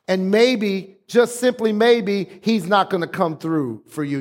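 High-voiced preaching pastor. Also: male voice, measured pace. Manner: emphatic preaching with call-and-response. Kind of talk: sermon.

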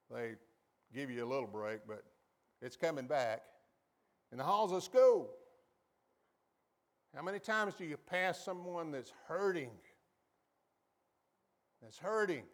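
A man preaching a sermon as a pastor, calling on the congregation to repeat after him and acting out quoted voices with sudden high jumps in pitch. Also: lively intonation, unhurried, long pauses.

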